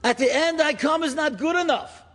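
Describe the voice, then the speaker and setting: A man, a rabbi, giving a storytelling sermon in an animated way, often rising for emphasis. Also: extremely high pitch, moderate pace. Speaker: rabbi and speaker.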